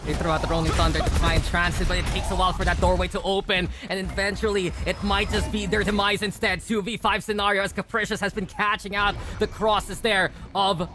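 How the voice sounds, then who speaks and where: A woman's voice: medium pitch, fairly quick, hardly any pauses. A woman calling esports play-by-play, her voice surging on big plays. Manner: excitable, rises sharply on big plays. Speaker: esports caster. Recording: music playing behind.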